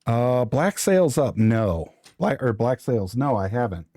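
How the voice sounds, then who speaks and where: A man's voice: medium pitch, big pitch swings, unhurried, dark tone, dry recording, studio quality. A man casually chatting with his viewers during a live stream, joking and thinking aloud while he builds.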